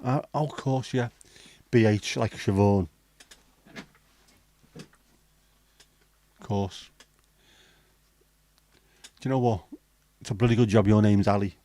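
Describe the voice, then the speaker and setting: A man's voice: lowish voice, slow, pauses often, mellow. A man hosting a casual livestream, chatting, swearing freely and reading viewer comments aloud. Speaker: livestream host.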